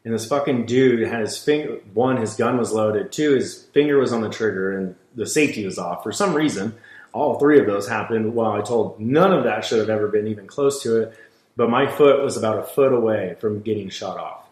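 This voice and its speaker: A hunting guide from Washington State, USA, tells stories bluntly in casual podcast conversation, swearing freely and acting out the dialogue. His lowish, darkish voice moves fairly quickly, and the recording has a roomy echo.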